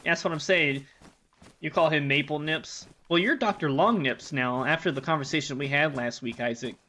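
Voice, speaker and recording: A man's voice: a little high, moderate pace, pushed and bright. A man from the United States, a game streamer chatting casually with his live chat while he plays, joking and rambling.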